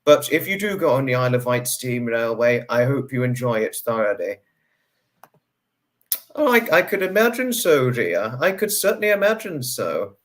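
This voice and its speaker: A man, hosting a casual livestream and reading out viewer comments in a chatty way, greeting each viewer with sudden high bursts. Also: big pitch swings, normal speed. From United Kingdom. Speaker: livestream host.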